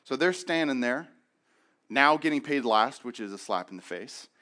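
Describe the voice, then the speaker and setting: A man preaching a sermon in a conversational, animated way, acting out the reactions of the people in the story he retells. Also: mid-range voice, moderate pace. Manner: conversational with frequent restarts and asides. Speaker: pastor.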